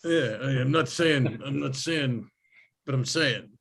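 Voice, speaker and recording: Brief: male open mic host, bright forceful tone, chatty, laughs easily. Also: mid-range voice, unhurried, vocal fry.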